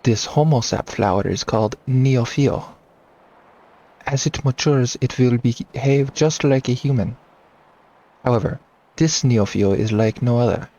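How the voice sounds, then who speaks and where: A man's voice: mid-range voice, warm tone, muffled recording, lightly acted. A man reading an aloof woman scientist's lines in a put-on German accent, stumbling a little. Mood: cool, lecturing. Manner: halting, stumbling over lines.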